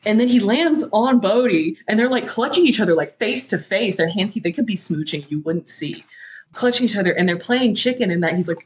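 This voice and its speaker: A podcast guest excitedly recapping a movie in casual chat, acting out the characters' lines with sudden loud jumps in pitch. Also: a little fast. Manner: excitable, acts out quotes with big pitch jumps.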